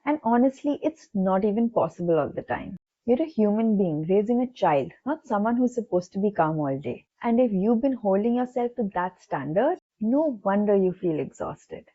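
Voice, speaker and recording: A woman psychologist giving a soft, empathetic scripted talk that speaks directly to the listener. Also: mid-range voice, animated, moderate pace. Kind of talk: scripted reflective narration. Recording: tinny phone-like sound.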